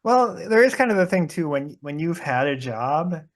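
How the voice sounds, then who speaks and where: A man's voice: fairly high pitch, very animated, moderate pace. A man chatting on a casual podcast, talking hesitantly with repeated words and many fillers. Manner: hesitant, repeats words, lots of "you know".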